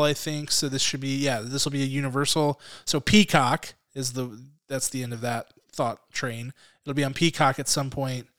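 Clear-voiced man hosting a review podcast. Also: fairly high pitch, a bit bright. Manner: enthusiastic, leads the discussion. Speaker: podcast host. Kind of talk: casual movie review chat.

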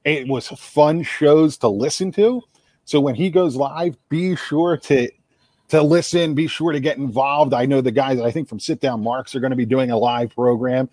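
Chatting casually on a sports radio show he co-hosts, a South Jersey man rambles and repeats words while thinking things through. His medium-pitched voice is mellow and normally paced, recorded with no room sound.

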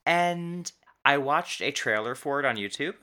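A podcast co-host in casual chat, chatty and quick to laugh, stumbling over words now and then. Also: mid-range voice, lively intonation, bright, forceful tone, clear, resonant tone.

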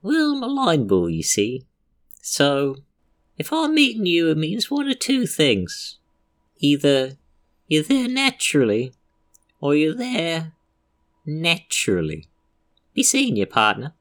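A player voicing a steely frontier bouncer, calm and measured. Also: mid-range voice, pitched above the performer's own voice. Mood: wry.

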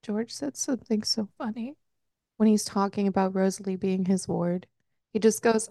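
A woman's voice: mid-range voice, fairly even intonation, moderate pace, mellow, no echo, studio quality. A woman co-hosting a book club podcast, retelling scenes in casual chat, swearing freely and laughing often. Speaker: podcast co-host.

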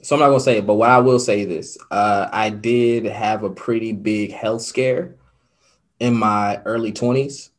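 A man's voice: fairly low pitch, steady tone, moderate pace. A young man talking earnestly as an interview guest, reflective and full of fillers. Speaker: guest, podcaster and radio host. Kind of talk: casual interview talk.

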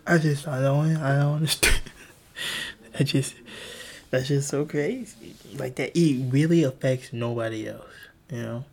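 A man's voice: mid-range voice, gravelly, a bit bright, slightly rough. A young man hosting a podcast, rambling in casual chat with frequent stammering restarts. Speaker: podcast host.

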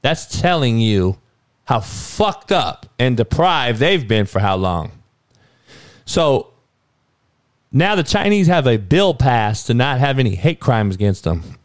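A podcast host ranting about sports and the news, swearing heavily and swinging from low muttering to loud outbursts. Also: male voice, sing-song, slow, no echo, clean studio sound. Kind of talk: profane sports and news rant.

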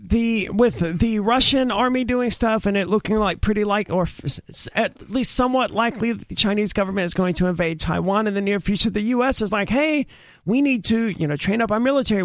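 Male talk radio co-host, high voice, exasperated rant, dry studio sound. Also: creaky, no room sound. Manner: exasperated, ranting, emphatic.

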